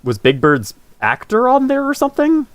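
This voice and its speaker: Lively young man streaming a game. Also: very high-pitched, moderate pace, no echo. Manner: chatty, laughs often, talks to game creatures. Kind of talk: live gameplay commentary. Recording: faint music in background.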